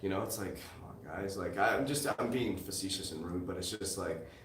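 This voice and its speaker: Emphatic low-voiced man in an echoey room. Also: a little fast, fairly bright tone. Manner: emphatic, repetitive, storytelling. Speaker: motivational coach and host. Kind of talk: podcast motivational talk. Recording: echoey room, distant mic, background noise.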